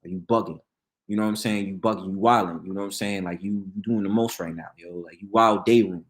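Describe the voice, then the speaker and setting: A man hosting a casual talk show, telling stories in lively, slangy speech and laughing often. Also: sits low, quick pace. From New York. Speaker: podcast host. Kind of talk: casual chat.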